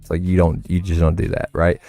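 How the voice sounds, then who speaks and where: A man's voice: deep voice, monotone, fairly quick, creaky, warm tone, soft background music. A young man chatting casually and rambling on a livestream, swearing and calling listeners "bro.". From United States. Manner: rambling, profane, says "bro" a lot. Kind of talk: casual chat while gaming.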